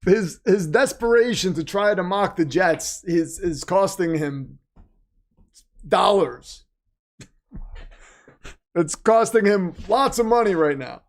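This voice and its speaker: Man, slightly high voice, chatty live-stream host, joking, reads donations. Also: expressive, slow, pauses often. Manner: chatty, joking, reads donations aloud, mocks the team's managers. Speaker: livestream host. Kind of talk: casual live watch-party chat.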